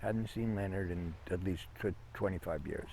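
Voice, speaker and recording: A man's voice: low voice, normal speed, vocal fry, darkish tone, slight background noise. A man telling long anecdotes in a conversational interview, rambling with fillers and restarts. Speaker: interview guest. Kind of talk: conversational storytelling.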